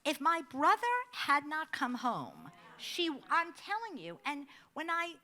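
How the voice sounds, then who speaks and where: A middle-aged woman giving a conversational presentation, an animated storyteller who laughs often. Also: high-pitched, measured pace. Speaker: advocacy staff speaker.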